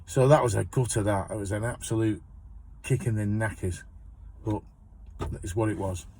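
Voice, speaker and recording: A man with a slightly low voice recounts a day on the road as a van courier. He rambles on in a casual, chatty way, tripping over his words and starting sentences again. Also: moderate pace, dark tone, slight background noise. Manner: rambling, chatty, with repeated restarts. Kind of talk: casual storytelling monologue.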